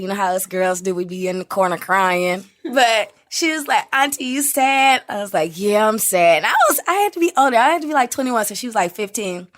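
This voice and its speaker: A young woman with a Southern US accent, telling family stories in an animated, laughing way. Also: mid-range voice. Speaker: interviewee, victim's aunt. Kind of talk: casual storytelling.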